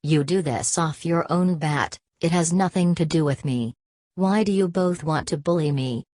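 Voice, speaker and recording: Sullen defiant young woman, woman reader doing her, low voice, dry audiobook sound. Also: moderate pace, a little mellow, no room sound, natural voice.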